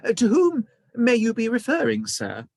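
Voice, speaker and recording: A man reading a storybook aloud and voicing a nervous young boy who speaks in a squeaky, flustered way. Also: wildly swooping pitch, normal speed, no room sound, exaggerated voice.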